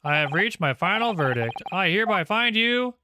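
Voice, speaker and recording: A man's voice: high-pitched, very animated, normal speed, background noise, voice pushed up. A man voicing a stern male courtroom judge in a video game, declaiming his lines. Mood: solemn. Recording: game music playing behind.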